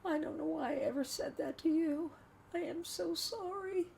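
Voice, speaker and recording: A woman voicing her ailing older father, who barks demands and then turns meek and hushed. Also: very high voice, normal speed, gravelly, slight background noise, voice pushed up, heavily acted. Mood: hushed, contrite. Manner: shouts demands, later hushed whispers. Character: sick older man, bossy then meekly sorry.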